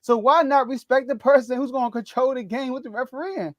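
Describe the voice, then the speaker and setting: Animated high-voiced man ranting about sports. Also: fairly quick, dry recording, dull audio. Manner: laughs often, animated ranting. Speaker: podcast host. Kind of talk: casual sports talk.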